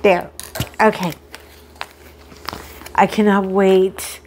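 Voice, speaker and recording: A middle-aged woman hosting a crafting vlog, chatting casually and excitedly while unboxing, often poking fun at herself. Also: medium pitch, very slow, noisy background. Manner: chatty, excitable, self-deprecating.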